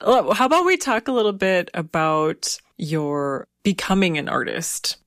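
A woman with a fairly low voice interviews her guest. Her questions are curious and encouraging, and her voice sounds dry and close. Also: lively intonation, a little slow, fairly bright tone, no room sound.

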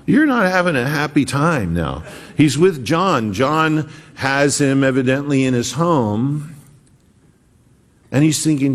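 A man preaching a sermon as pastor, slow and conversational, often pausing and wandering off on asides. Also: a little high, animated. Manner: conversational, digressive, slow and deliberate. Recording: echoey hall reverb.

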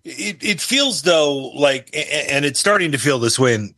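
A man's voice: a little high, lively intonation, moderate pace, sharp tone, no echo. A man hosting a political interview, musing conversationally about his home state's races. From Illinois.

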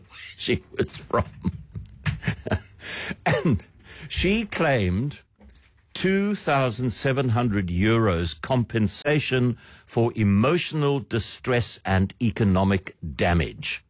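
A man's voice: fairly low pitch, sing-song, a little slow, slightly rough, no room sound. A man hosting a radio talk show, delivering a sardonic, theatrical monologue with a swooping delivery. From South Africa.

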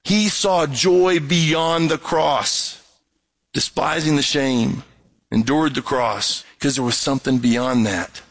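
A man preaching a sermon, reading scripture and acting out quoted voices and alarm sounds with lively energy. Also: medium pitch, slow, poor audio. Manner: animated, acts out quoted voices and sound effects.

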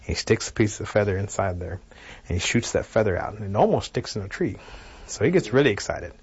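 A man telling a traditional folk tale in an unhurried, animated way, acting out sounds. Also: lowish voice, breathy edge, lo-fi sound. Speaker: storyteller. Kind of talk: traditional oral storytelling.

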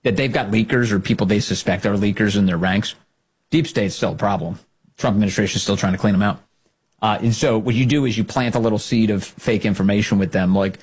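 A man's voice: lowish voice, fast, husky. A man hosting a political commentary show, mocking and incredulous, firing off rhetorical questions. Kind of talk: sarcastic commentary monologue.

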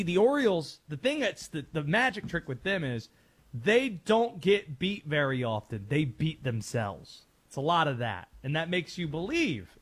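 High-voiced sports radio host, musing. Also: male voice, slightly rough. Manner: musing, conversational.

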